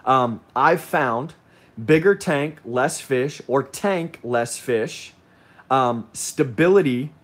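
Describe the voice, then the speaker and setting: A man hosting a casual livestream, reading viewer comments and rambling with frequent ums and restarts. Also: medium pitch. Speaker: livestream host.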